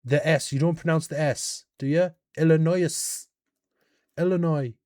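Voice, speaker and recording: A British man hosting a casual reaction video, animated and thinking out loud with questions and exclamations. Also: fairly high pitch, moderate pace. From United Kingdom.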